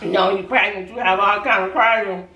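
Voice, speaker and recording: A woman's voice: mid-range voice, fairly even intonation, brisk, bright, forceful tone, highs cut off, slight background noise. A pregnant young woman chatting casually and sassily to her viewers in a food challenge vlog. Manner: chatty, sassy, talks straight to viewers. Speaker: vlogger. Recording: echoey room, mic at a distance.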